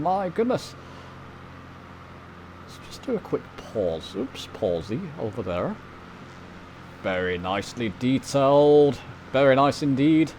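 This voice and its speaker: Background noise sits under this mid-range male voice. He is a flight sim video host from the UK, casually talking viewers through his flight as he plays.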